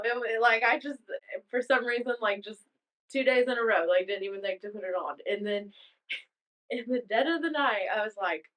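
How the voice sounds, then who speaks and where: A woman co-hosts a relaxed chat podcast and tells her own stories in a chatty, giggly way. Her voice sits fairly high. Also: poor audio. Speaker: podcast co-host. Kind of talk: casual chat.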